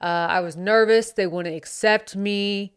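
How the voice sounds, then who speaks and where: A boastful young bro dad influencer, played by a woman, who swaggers through his slang with a faint southern twang. The voice is smooth and clean at a middling pitch. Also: animated, normal speed, fairly bright tone, no echo, clean studio sound. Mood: braggy. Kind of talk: comedic character monologue.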